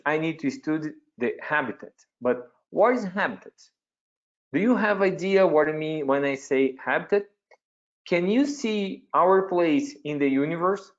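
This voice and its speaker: A man from Brazil with a Brazilian Portuguese accent, a wildlife vet giving a webinar talk, pausing to search for words and asking the audience questions. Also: on the high side. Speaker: wildlife veterinarian presenter. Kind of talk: webinar presentation. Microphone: computer mic on a video call. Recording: dull lo-fi webinar audio.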